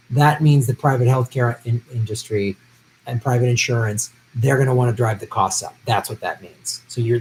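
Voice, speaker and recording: A man with a mid-range, darkish voice hosts a political commentary livestream from home, reading viewer comments in a loose, profane, conversational way. He uses an earpiece with an improvised audio setup, so the audio is poor, with slight background noise.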